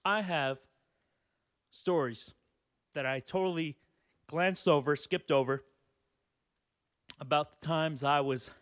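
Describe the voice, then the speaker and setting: A man's voice: on the high side, dry recording, clean studio sound. A man in his twenties hosting a solo podcast, rambling and cursing casually and laughing as he talks. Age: 20s. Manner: rambling, profane, laughs often. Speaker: podcast host.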